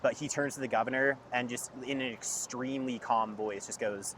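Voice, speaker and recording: Young guy rambling thru a story, says like a lot, mid-pitched voice, faint traffic outside. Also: fairly even intonation, normal speed, fairly bright tone. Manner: rambling storyteller, heavy use of "like". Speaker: podcast guest. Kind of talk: casual chat.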